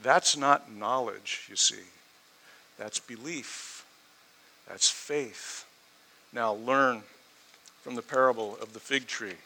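A man's voice: mid-range voice, takes it slowly, vocal fry, pauses often, pushed and bright. A man preaching a storytelling sermon, building his points through emphatic repetition.

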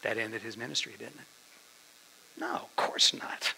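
A male preacher giving a dramatic sermon, swinging from loud declarations down to whispers. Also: medium pitch, huge pitch swings, slow pace, creaky, slightly rough, low-quality recording.

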